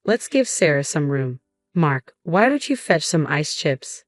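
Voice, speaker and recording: A woman voicing a calm hospital nurse who speaks in a gentle, reassuring way. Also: sits low, a little slow, dry recording, heavily acted. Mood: soothing.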